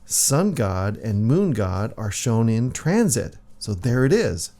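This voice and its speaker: A man voicing a calm, thoughtful male priest who explains things slowly. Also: mid-range voice. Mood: musing.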